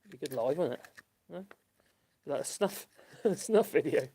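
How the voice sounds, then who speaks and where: A man's voice: fairly high pitch, animated, normal speed, warm tone, husky. A man, chatting casually and rambling to the camera while he works on a woodworking project in his workshop. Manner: rambling, chuckles, talks to himself. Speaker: woodworking channel host. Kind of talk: casual chat while working.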